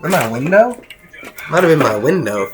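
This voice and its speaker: Young man, slightly high voice, excited rambling commentary, lots of slang. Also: moderate pace, soft background music. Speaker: video host ranking cartoon episodes. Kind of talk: casual tier-list commentary.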